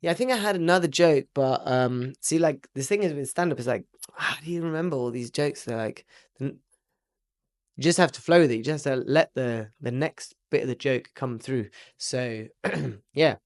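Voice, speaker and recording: A man's voice: medium pitch, normal speed. A young man with an English accent rehearsing a stand-up routine, telling stories in a rambling way with lots of fillers. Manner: rambling, filler-heavy storytelling. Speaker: aspiring comedian and rapper.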